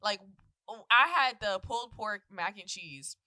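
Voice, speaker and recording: Bright-voiced woman telling a swear-filled story. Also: mid-range voice, unhurried, no room sound. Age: 20s. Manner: animated storytelling, swears freely, acts out quotes, laughs often. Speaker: podcast co-host. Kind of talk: casual chat. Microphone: close podcast mic.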